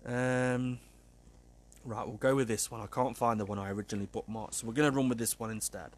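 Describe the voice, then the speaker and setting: A man's voice: medium pitch, fairly even intonation, fairly quick. A man, hosting a podcast and giving blunt, chatty agony aunt advice, swearing freely. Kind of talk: casual chat.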